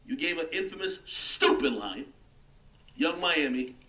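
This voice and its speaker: Man ranting on a livestream, high bright voice, lively swings, echoey room, set back from the mic. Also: measured pace, distant mic. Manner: heated, mocking rant. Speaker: livestream host.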